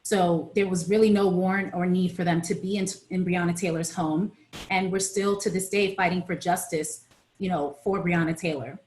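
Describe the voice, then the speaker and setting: A woman on a video call, recounting events to an online group with frequent pauses and fillers. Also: lowish voice, fairly even intonation, darkish tone, reverberant. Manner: hesitant, many fillers and restarts. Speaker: presenter on a panel. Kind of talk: reading a timeline to an online group.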